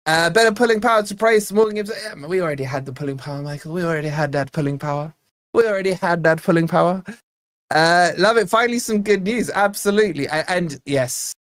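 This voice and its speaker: A man's voice: on the high side, no room sound, studio quality. A young man hosting a live football fan stream, brash and mocking, worn out from little sleep. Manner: brash, mocking, excitable banter. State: tired from lack of sleep. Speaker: football fan channel host.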